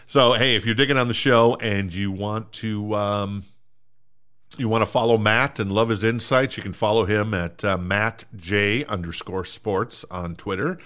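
A man's voice: on the low side, fairly even intonation, a little slow, a bit bright. A man from Minnesota hosting a sports podcast, rambling and joking at his own expense. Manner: rambling, self-deprecating, joking. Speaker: podcast host. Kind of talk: casual sports podcast chat.

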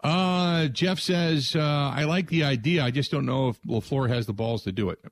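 A man's voice: medium pitch, normal speed, no echo. Man, sports radio host, blunt and emphatic, restarts mid-sentence, mid-range voice, dry studio mic. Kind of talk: opinionated sports talk radio monologue.

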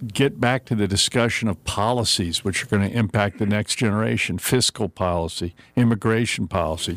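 Man hosting talk radio, animated. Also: on the low side. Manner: animated storyteller, acts out quotes in raised voices. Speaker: radio show host. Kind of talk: casual talk radio chat.

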